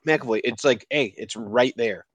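A man on a casual podcast gives frank, earnest takes on films in an ordinary middle-pitched voice. The sound is dry and close, with no room echo. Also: normal speed. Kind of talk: casual pop-culture chat.

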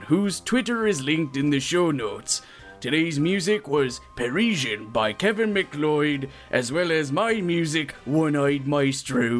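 A man putting on a hammy pirate announcer voice with a put-on Scottish accent. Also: medium pitch. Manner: theatrical, shouty, self-mocking.

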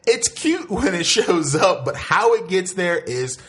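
A man's voice: high-pitched, very animated, takes it slowly, a bit bright. A man co-hosting a comic book podcast in casual chat, rambling and swearing loosely between laughs. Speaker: podcast co-host.

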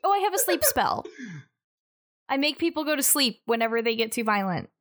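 A woman's voice: high-pitched, very animated, a little fast, heavily acted. A woman voicing her character, a devoted girlfriend who comforts and jokes dryly. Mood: wry. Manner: soft, reassuring, wry.

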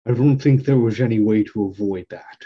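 A man's voice: fairly low pitch, brisk, husky, lo-fi sound. A man playing in a tabletop game, chatting in a hesitant way. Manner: hesitant, restarting. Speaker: player. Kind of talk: casual chat.

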